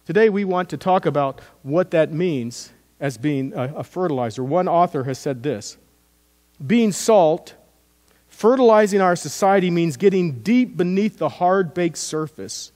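A male pastor delivers a sermon, warm with storytelling and bright with acted-out lines. His voice sits fairly high for a man. Long reverb from the church sanctuary trails behind every phrase. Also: a little slow. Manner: storytelling with acted-out quotes, earnest and animated.

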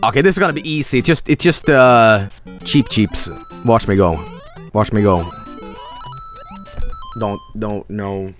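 A man streaming a game, commenting with sudden yelps, shouts and swearing. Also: fairly low pitch, unhurried, long pauses, soft background music. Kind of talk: live gameplay commentary.

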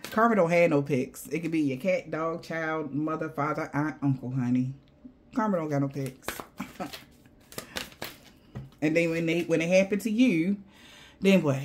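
Woman, tarot reader, lowish voice, blunt, profane, slangy, animated chatter. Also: slight background noise. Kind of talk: casual spiritual tarot reading to viewers.

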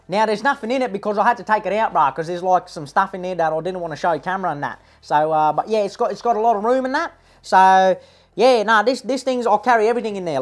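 A woman's voice: mid-range voice, lightly acted. A woman playing a brash young male eshay with an Australian accent, slangy and boastful, tagging every line with "bruh" and "lad", in a comic parody vlog. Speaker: comedy parody host.

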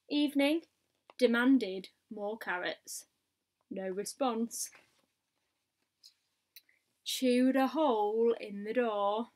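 A woman reads a picture book aloud in a slightly high voice. She takes her time over each short diary entry. She stops now and then for little asides to the listener. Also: darkish tone. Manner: unhurried diary-style reading with asides to the listener. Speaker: storybook reader.

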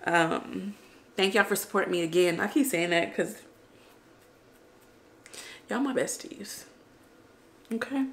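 In an echoey room, a young woman speaks to her camera in a mid-range voice that's animated but slow, with frequent pauses. Her vlog talk opens emotionally and then shifts to a chatty, upbeat tone with viewers.

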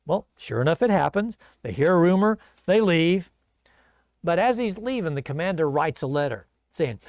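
A gravelly, fairly high-voiced male pastor tells a bible story as a relaxed, chatty sermon. The sound is close and dry. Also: normal speed, dry recording. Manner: casual, conversational retelling.

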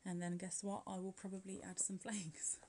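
A woman with a level, darkish mid-range voice speaks at a moderate pace while curling her hair at home. She chats casually over a nail art voice-over, rambling with frequent light laughs and filler words.

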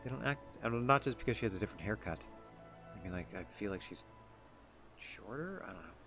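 A man's voice: lowish voice, lively intonation, fast. A man streaming a game, making sarcastic, joking asides while reading the dialogue aloud. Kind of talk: gameplay commentary. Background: game music.

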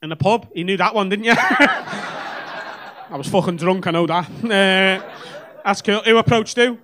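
A man's voice: high-pitched, measured pace, pushed and bright. A male stand-up comedian doing cheeky, sweary crowd work on a club stage, talking into a handheld mic. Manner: cheeky, swearing banter with audience. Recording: live comedy club with audience laughter.

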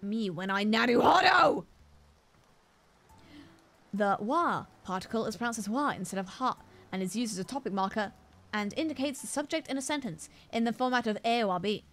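A woman streamer talks casually through a game, her voice sitting a little on the high side. She is playful and giggly as she tries out Japanese words. She jokes with her audience the whole time. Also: fairly quick.

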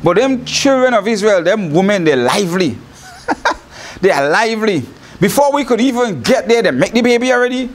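A woman's voice: mid-range voice, lively intonation, moderate pace, slight background noise, close to an everyday voice. A man voicing chatty midwives with a Trinidad and Tobago accent, making excuses to a king. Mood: pleading. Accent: Trinidad and Tobago English. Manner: pleading, chatty.

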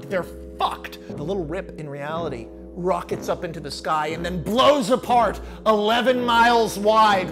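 Man, casual storytelling, profane, animated, music behind. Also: sits high. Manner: animated and profane, swinging from mutters to shouts. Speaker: channel host, screenwriter. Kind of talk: casual storytelling of a film pitch.

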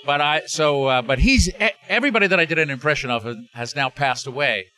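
Bright-voiced older man rambling. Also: on the high side, expressive, fairly quick, faint music behind. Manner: rambling, many restarts and fillers. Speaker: interview guest, actor. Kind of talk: casual interview chat.

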